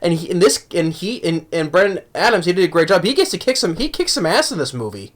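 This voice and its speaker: A man's voice: high voice, sing-song, fast. A young man casually reviewing a movie, rambling with many restarts and laughs.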